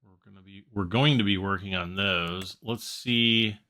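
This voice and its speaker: Bright, slow-talking man narrating gameplay. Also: deep voice. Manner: chatty, thinking aloud while playing. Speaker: gaming channel host. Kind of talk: casual gameplay commentary.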